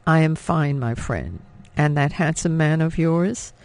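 A man voicing a quiet, weary young Frenchwoman. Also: fairly high pitch, a little slow, dry recording. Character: weary young French woman resistance guide.

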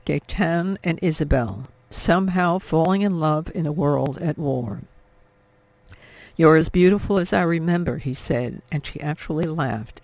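A man narrating an audiobook in a measured, emotive reading. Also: fairly high pitch, vocal fry, darkish tone, no echo. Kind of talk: scripted narration.

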